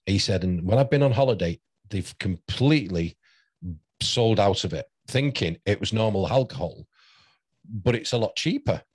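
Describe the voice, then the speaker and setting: A man's voice: lowish voice, a little mellow, husky, no room sound. A man around sixty, hosting an interview and rambling through anecdotes with frequent laughter. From St Helens, near Liverpool, England. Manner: rambling anecdotal storyteller who laughs often. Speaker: host. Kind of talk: casual interview chat.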